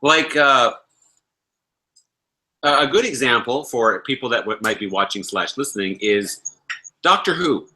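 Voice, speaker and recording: A man's voice: medium pitch, animated, unhurried, pauses often, pushed and bright, low-quality recording. A man hosting a livestream, telling a casual, rambling story, laughing often and swearing freely. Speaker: livestream host.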